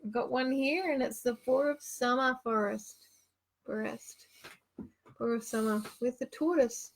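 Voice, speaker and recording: A woman's voice: a little high, unhurried, vocal fry, slight background noise. A woman casually chatting and reading cards aloud on a live stream, giggling often. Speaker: card reader hosting a live show.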